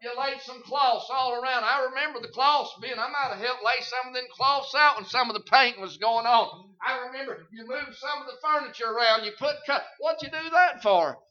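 Man, preacher, very high voice, folksy sermon, muffled lo-fi recording. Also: a little fast, few pauses, pushed and bright. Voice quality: folksy, conversational preaching with emphatic swells.

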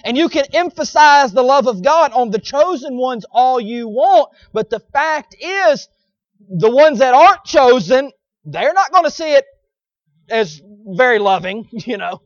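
A man's voice: extremely high pitch, lively intonation, measured pace, no room sound. A man preaching a sermon in a folksy, emphatic style, with sarcastic asides to his congregation, on a dull lo-fi recording.

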